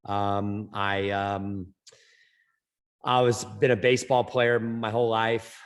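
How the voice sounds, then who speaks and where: A middle-aged man from California speaks in a low, level voice that hardly rises or falls. He is a coach telling his story in a podcast interview, with frequent repeated words and stuttered starts. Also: flat delivery, slow pace, clean tone. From Orange County, California. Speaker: head softball coach, guest.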